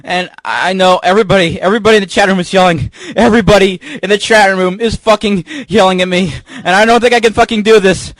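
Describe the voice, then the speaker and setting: A man hosting a comedic radio show, ranting in a panicky, swearing, shouting way. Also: high voice, fairly even intonation, fast talker, hardly any pauses, dry recording.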